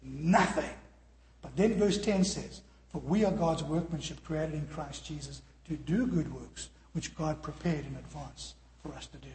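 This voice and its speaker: A higher-voiced man preaching a sermon and often turning questions back to his congregation. His voice rings through a large echoey hall with a long tail of reverb. He keeps it animated, stretching some words out slowly for weight. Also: a little hiss or hum. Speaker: pastor.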